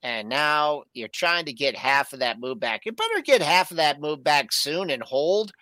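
A man co-hosting a market show in quick, bantering talk. His voice is bright and bounces around in pitch. The sound is dry. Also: very animated, no echo. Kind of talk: casual trading chat.

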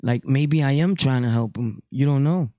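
A man's voice: mid-range voice, moderate pace, warm tone, no echo, clean studio sound. A Puerto Rican man hosting a podcast, delivering a blunt, profane casual monologue. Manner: blunt, profane street talk. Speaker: podcast host.

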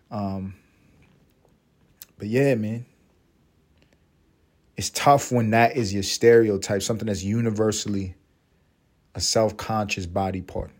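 Speaking in a lowish, somewhat dark voice, this Puerto Rican man hosts a comedy podcast. His monologue is crude and meandering, full of laughter and mocking impressions.

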